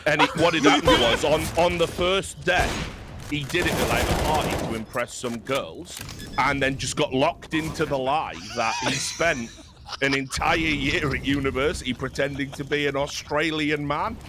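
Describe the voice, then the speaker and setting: A man's voice: a little high, moderate pace, heavy background noise. A man, casually commentating a game and telling rambling, self-mocking stories. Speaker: esports caster.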